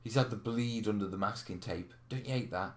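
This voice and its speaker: A man's voice: on the low side, brisk. A man hosting a live question stream, chatting casually, laughing and reading out viewer comments. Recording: roomy echo.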